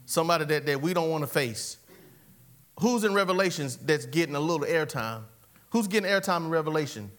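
A man preaching a lively sermon, animated and repetitive, leading call-and-response and laughing often. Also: sits high.

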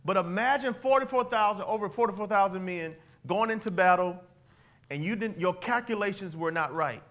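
High-voiced, bright preaching man. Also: brisk. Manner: animated, call-and-response with the congregation; conversational preaching with humor. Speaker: pastor. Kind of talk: sermon.

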